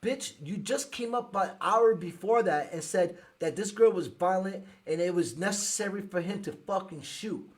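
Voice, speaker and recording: A man's voice: sits high, normal speed, hardly any pauses, slightly rough. A man hosting a podcast, reacting to news clips in a furious, profane rant. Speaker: podcast host. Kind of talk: angry commentary reacting to clips.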